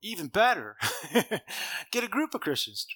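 A middle-aged male preacher with a bright, forward tone delivers a sermon to a large gathering. He tells his stories with strong swings in loudness, pushing some lines out and dropping others almost to a murmur. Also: high-pitched, very animated, normal speed. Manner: storytelling with shifts between loud emphasis and quiet.

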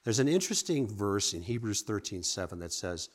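A man preaching a sermon, lively and conversational, swinging from emphatic exclamations to quiet asides and asking the congregation direct questions. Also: lowish voice, fairly quick. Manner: asks the audience direct questions.

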